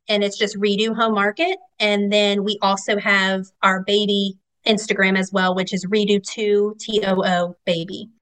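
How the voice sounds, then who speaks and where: A woman's voice: mid-range voice, fairly bright tone, low-quality recording. Casual female guest: shop owner, rambling chatter with many fillers. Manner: chatty, rambling, lots of fillers like "you know". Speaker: guest, vendor market owner. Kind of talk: casual interview chat.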